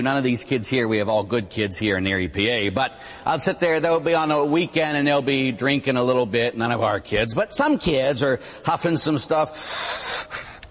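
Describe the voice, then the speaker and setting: A middle-aged man who is a Catholic priest, preaching a sermon in an animated way and mimicking voices and sound effects. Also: medium pitch. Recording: long echo from a large hall.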